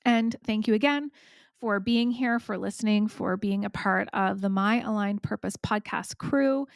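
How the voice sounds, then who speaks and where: A woman's voice: mid-range voice, a little slow, vocal fry, smooth, no echo. Woman podcast host, dry close sound. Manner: warm encouraging, speaks directly to listener. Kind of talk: solo podcast coaching talk.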